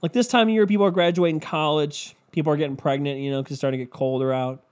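A man's voice: fairly high pitch, steady tone, fast talker, darkish tone. A man hosting a podcast on his own, ranting casually and profanely in a loose, comedic style. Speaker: podcast host.

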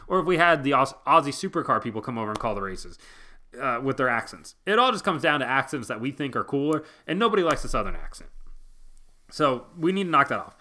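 A man rants about racing in a very bright, lively voice that swings widely in pitch. He is blunt and exasperated, and he swears freely as he talks. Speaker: motorsport vlogger. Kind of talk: casual ranting commentary.

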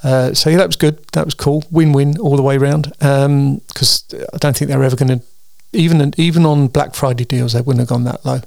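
Male host, tired, gravelly voice, dry close sound, loose rambling monologue. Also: mid-range voice, steady tone, brisk, hardly any pauses, a little mellow, no room sound. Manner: chatty, meandering, with frequent ums and restarts. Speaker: host of a weekly solo show.

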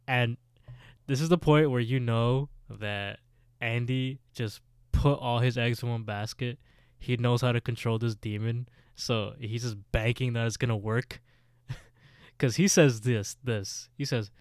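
A man's voice: mid-range voice, steady tone, a little slow, smooth, no echo, clean studio sound. A man casually recapping a TV episode as a podcast co-host, telling the story in a laid-back way.

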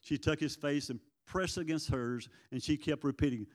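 A man's voice: a little high, moderate pace. Older man telling stories from the pulpit. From Arkansas. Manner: folksy storytelling, acts out voices in quotes. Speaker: prison ministry guest speaker. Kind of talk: church testimony storytelling. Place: church sanctuary. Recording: long church reverb.

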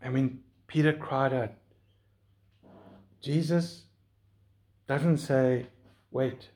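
A man preaching a sermon in an earnest, pleading way that lifts in pitch when he urges his listeners. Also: darkish tone.

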